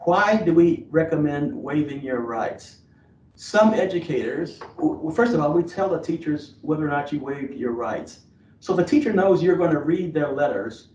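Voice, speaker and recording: A man with a fairly high voice gives earnest, advisory guidance, stumbling through fillers and restarts as he goes. He sounds set back from the mic in an echoey room. The audio is dull and lo-fi. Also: lively intonation, normal speed, a little mellow. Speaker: admissions officer. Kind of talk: webinar presentation. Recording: roomy, distant, dull lo-fi webinar audio.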